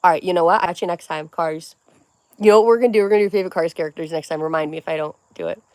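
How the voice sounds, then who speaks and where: A woman's voice: lowish voice, very fast, darkish tone, no echo. A young woman hosting a livestream, chatting casually and rambling as she reads viewer comments aloud, swearing freely. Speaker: livestream host.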